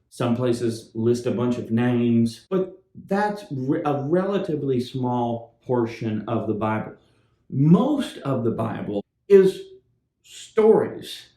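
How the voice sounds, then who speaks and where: A man speaks in a measured, earnest teaching tone, guiding beginners and giving his own view. His voice is mellow and mid-pitched. The room around him is roomy and echoing. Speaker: Bible teacher. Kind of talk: scripted explainer talk to camera.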